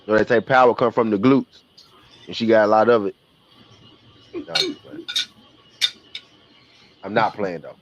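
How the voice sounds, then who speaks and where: A man's voice: lowish voice, fast talker, background noise. A man with a Southern US accent, casually joking and trash-talking as he hosts a live basketball watch party stream. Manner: joking, trash-talking, slangy, laughs often. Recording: dull lo-fi stream audio.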